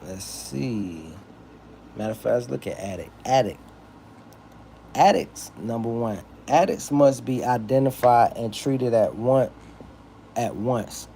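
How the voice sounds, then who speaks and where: A man hosting a livestream, reading lists of words aloud slowly and deliberately, with casual asides. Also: mid-range voice, vocal fry, dark tone, a little hiss or hum. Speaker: livestream host.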